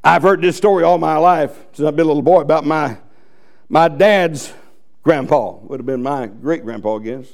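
A man's voice: fairly high pitch, measured pace, creaky, long pauses, a little mellow. A man preaching a fiery, folksy sermon with bursts of emphasis.

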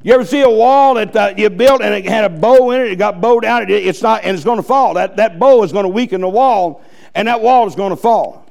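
A man's voice: high-pitched, brisk, vocal fry, darkish tone. A man preaching a fiery, folksy sermon with bursts of emphasis.

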